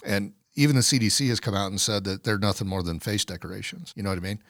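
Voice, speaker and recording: A man's voice: fairly low pitch, fast talker, a bit bright, no echo, studio quality. A man co-hosting a podcast, talking in a blunt, profane, ranting way. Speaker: podcast co-host. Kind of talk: casual podcast chat.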